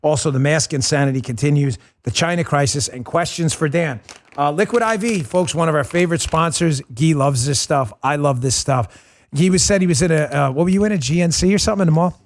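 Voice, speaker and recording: A man hosting a political talk show, talking in a fast, combative, sarcastic way. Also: fairly high pitch. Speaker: host.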